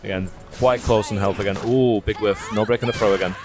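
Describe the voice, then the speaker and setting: A man commentating a fighting game tournament, joking with his co-commentator between fast play-by-play calls. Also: fairly low pitch, steady tone. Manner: quick, joking, trails into quiet asides. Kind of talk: esports commentary and banter. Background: music.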